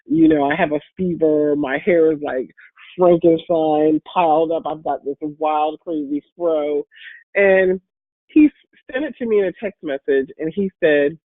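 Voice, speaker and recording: A woman with a deep voice, congested and a bit hoarse from a cold, giving an upbeat, encouraging webinar talk as a guest speaker. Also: unhurried, dry recording. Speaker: guest speaker and patient advocate. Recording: phone-like online call audio.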